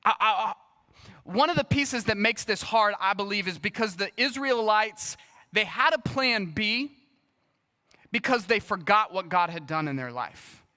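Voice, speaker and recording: A man, a guest pastor, preaching an earnest, animated sermon and acting out bits of dialogue. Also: high-pitched, measured pace. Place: church sanctuary.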